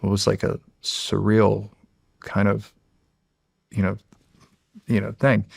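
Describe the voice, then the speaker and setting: A middle-aged man, a former Navy SEAL, telling animated stories as a guest in a long interview, acting out quotes and often restarting his sentences. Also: on the low side, slow pace, vocal fry, dry recording, studio quality. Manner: animated storyteller, acts out quotes, frequent restarts. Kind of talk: storytelling in a long-form interview.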